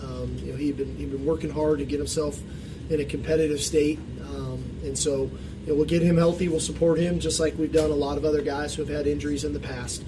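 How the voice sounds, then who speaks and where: Hesitant football coach at press conference. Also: male voice, a little high, little pitch movement, far from the mic, noisy background. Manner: measured, hesitant with many ums.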